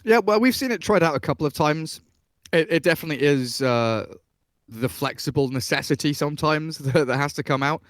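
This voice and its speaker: A man casting an esports match, calmly breaking down the picks and strategy at length in casual commentary. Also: a little high, fairly quick, no echo. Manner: analytical, explains drafts at length. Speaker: esports caster.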